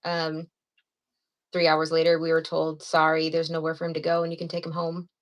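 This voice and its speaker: A woman who is a mother and guest on a live podcast, speaking earnestly with frequent pauses. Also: low-pitched, monotone.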